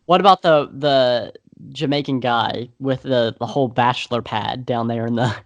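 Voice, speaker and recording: A man's voice: medium pitch, normal speed, dry recording, highs cut off. Casual rambling man, dry close mic. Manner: rambling, many fillers and restarts. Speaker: podcast co-host. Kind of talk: casual movie discussion.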